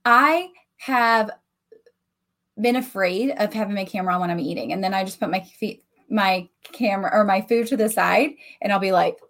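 A woman's voice: mid-range voice, moderate pace, a bit bright. A woman with a Southern US country accent hosting a casual solo podcast, talking directly and animatedly to her listeners. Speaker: podcast host and coach. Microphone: voice message recording.

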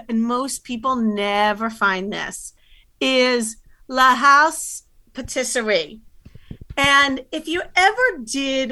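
A woman's voice: fairly high pitch, pushed and bright. A woman co-hosting a casual chat, giving detailed, enthusiastic recommendations. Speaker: co-host.

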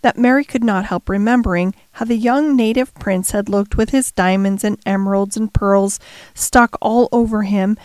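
A woman narrating a classic novel chapter in a measured storytelling manner. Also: fairly high pitch, darkish tone, no room sound. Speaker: audiobook narrator. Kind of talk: scripted narration.

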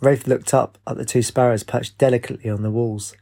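A man narrating a storybook in a plain, even manner. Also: medium pitch, a little fast, gravelly. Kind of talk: storybook reading.

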